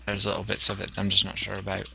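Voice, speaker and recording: A man's voice: on the low side, completely flat delivery, fast, gravelly. A young man chatting casually while playing a shooter game, rambling with lots of likes and frequent laughs. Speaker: gamer. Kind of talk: casual gameplay chat. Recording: gunfire noise behind.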